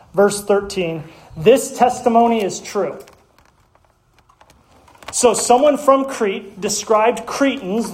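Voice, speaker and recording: A man with a high voice delivers an earnest sermon from the pulpit. He talks conversationally, often restarting mid-sentence as he reasons through scripture. The room around him rings with echo. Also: darkish tone. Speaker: pastor.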